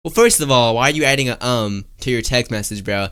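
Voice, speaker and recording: A man's voice: mid-range voice, moderate pace, fairly bright tone, clear, resonant tone. A young man streaming live, chatting casually and reading out viewer messages, rambling with lots of fillers and calling everyone "guys" and "bro".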